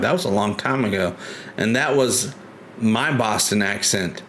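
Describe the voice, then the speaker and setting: A man's voice: medium pitch, measured pace, fairly bright tone, slight background noise. A man hosting a casual live stream, chatty and joking, who rambles and restarts his sentences often. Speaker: livestream host.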